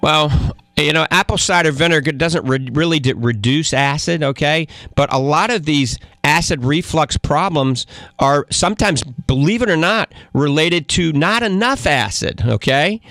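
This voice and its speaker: A man's voice: fairly high pitch, lively intonation, moderate pace, fairly bright tone, no room sound. A man with a Cajun New Orleans accent hosting a live call-in radio show, chatty and folksy, often checking in with "all right?". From Louisiana. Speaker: radio talk show host and doctor.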